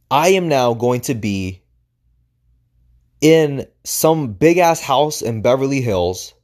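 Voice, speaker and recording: A mid-range, somewhat mellow male voice leads a podcast's motivational monologue. He swears, speaks emphatically, and asks rhetorical questions throughout.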